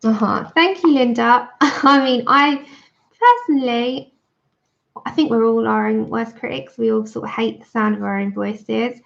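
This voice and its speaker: A woman's voice: fairly high pitch, measured pace, creaky. A woman chatting casually to her livestream viewers while she colours, thanking them by name. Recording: dull lo-fi stream audio.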